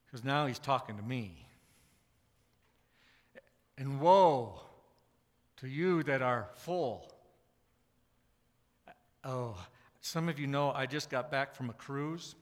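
A man's voice: medium pitch, a bit bright. A man preaching a sermon in a church, talking in a conversational, self-deprecating way with frequent restarts. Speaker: pastor. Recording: long reverb of a church hall.

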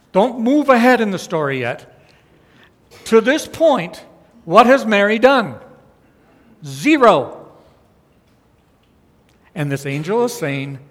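A man's voice: sits high, fairly bright tone, big-room sound. A man giving a conversational sermon as a pastor, often checking in with the congregation by asking "okay?" and "all right?". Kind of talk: sermon with Bible teaching.

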